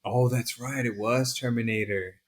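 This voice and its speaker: A man's voice: medium pitch, steady tone, moderate pace. Man, laid-back podcast co-host, swears freely, joking. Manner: casual, swears freely, laughs often. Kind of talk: casual chat.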